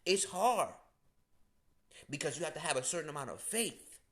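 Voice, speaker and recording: A man's voice: on the high side, big pitch swings, normal speed. A man, ranting bluntly and casually as an astrology host, swearing and using slang. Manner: blunt, profane, slangy, emphatic. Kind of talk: casual direct-to-camera rant.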